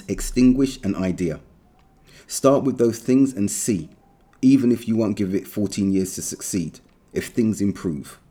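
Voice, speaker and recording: A man reading an opinion article aloud in an earnest, measured, emphatic way, with occasional slips. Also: on the low side, warm tone, husky.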